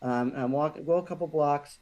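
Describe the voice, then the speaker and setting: A man in a casual podcast conversation, telling a personal story in a halting way, with many restarts and fillers. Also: on the high side, darkish tone, lo-fi sound. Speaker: podcast guest.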